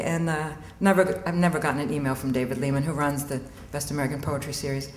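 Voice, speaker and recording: Low-voiced woman reading poetry in an echoey hall. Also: steady tone, brisk, hardly any pauses, a little mellow, a little hiss or hum. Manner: blunt, wry, laughs between poems. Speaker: poet. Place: auditorium with audience. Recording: echoey hall, faint room ambience.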